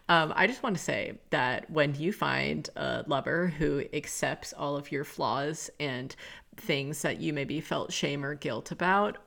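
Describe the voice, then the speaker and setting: A young woman hosts her own podcast and talks straight into a close mic. Her voice sits low and carries a steady vocal fry. She tells personal stories openly, in a loose, filler-heavy conversational way. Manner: conversational, full of fillers like "like" and "you know"; candid, confessional storytelling. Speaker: podcast host. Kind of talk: casual solo podcast monologue.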